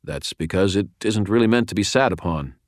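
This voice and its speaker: A man's voice: deep voice, expressive, a little fast, no room sound. A man voicing a wealthy, stylish half-brother in an audiobook, with a dry, cutting and worldly manner. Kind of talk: audiobook character voice.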